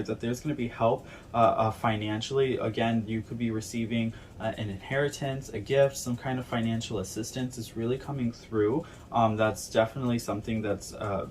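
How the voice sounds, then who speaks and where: A man's voice: mid-range voice, fairly quick, few pauses, a little hiss or hum. A man giving an earnest spiritual tarot reading to camera, often checking in with "okay?" and "right?". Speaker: tarot reader.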